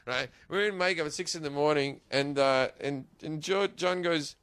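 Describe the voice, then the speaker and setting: A man telling a comic story in an animated, swearing, laughing way. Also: a little high, normal speed, few pauses, smooth, no echo. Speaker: guest.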